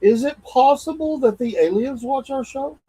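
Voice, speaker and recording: Playful man, high mellow voice. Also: animated, moderate pace, slightly rough. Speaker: co-host. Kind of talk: casual podcast chat reading fan mail.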